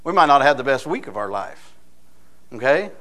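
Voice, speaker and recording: A man's voice: mid-range voice, very animated, a little fast, a bit bright. A man preaching a sermon in a folksy, storytelling way, asking the congregation frequent rhetorical questions.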